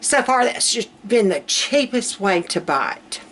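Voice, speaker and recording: A woman's voice: mid-range voice, sing-song, a little slow, a bit bright, slight background noise. A woman from South Alabama with a Southern accent, chatting folksily to her viewers while she cooks in her home kitchen. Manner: chatty and folksy, calls viewers girl and baby. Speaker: home cooking vlogger. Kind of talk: casual chat.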